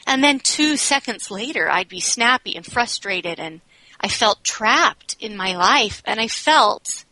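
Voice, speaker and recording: A woman's voice: a little high, animated, measured pace, sharp tone, dry recording, rough recording. A woman speaking as an interview guest, telling a personal story in a candid, reflective way and often saying "you know.".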